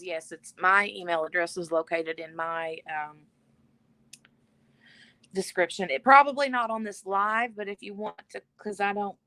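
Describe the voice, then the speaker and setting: Chatty woman, lowish voice. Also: fairly bright tone, no echo. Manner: chatty, laughs often, reads viewer comments aloud. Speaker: live stream host. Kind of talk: casual live chat reading comments. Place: bedroom at home.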